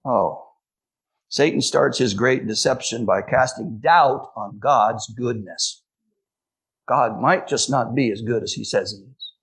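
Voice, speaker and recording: A pastor preaching a sermon, emphatic, slowing down to stress key phrases. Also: male voice, medium pitch, a bit bright, slightly rough.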